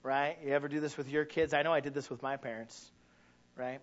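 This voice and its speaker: A middle-aged man preaching a sermon, swinging from quiet conversational asides to loud shouted passages and acting out little scenes in voices. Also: medium pitch, little pitch movement, brisk, highs cut off. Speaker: pastor. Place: church.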